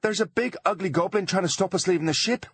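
A feisty young female wrestler, voiced by a man reading a storybook aloud. She talks quick and spirited, her pitch pushed well up from his own husky tone. The sound is close and dry. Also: very animated, no echo. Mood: mock hysterical.

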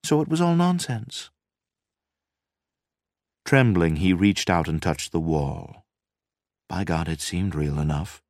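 Deep slow-reading male narrator. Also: animated, darkish tone, no room sound, clean studio sound. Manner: measured, dramatic reading. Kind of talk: scripted audiobook narration.

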